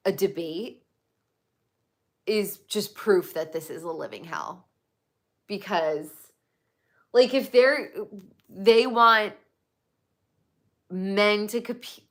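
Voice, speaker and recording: A woman's voice: medium pitch, bright, forceful tone. A woman hosting her own livestream, talking in a rambling, opinionated casual chat and filling her talk with "like". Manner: rambling and opinionated, full of "like" fillers. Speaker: livestream host.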